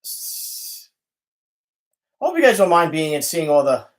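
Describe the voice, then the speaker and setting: A middle-aged comic artist with a New York Italian-American accent hosts a livestream from his home studio full of art supplies, recording on his phone. He rambles casually, swears freely and greets viewers by name in a fairly high, sing-song voice at a slow pace, with slight background noise.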